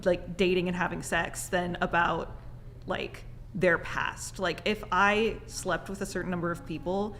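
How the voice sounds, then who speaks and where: A woman's voice: on the low side, flat delivery, a little slow, fairly bright tone. Female panelist, earnest and filler-heavy; faint music in the background. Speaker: panel guest. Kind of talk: casual discussion.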